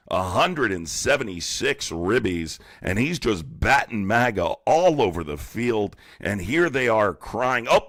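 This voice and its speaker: A man's voice: medium pitch, fairly bright tone, no room sound, studio quality, full character voice. A man putting on the voice of a gloating baseball play-by-play announcer, stretching out his home-run calls.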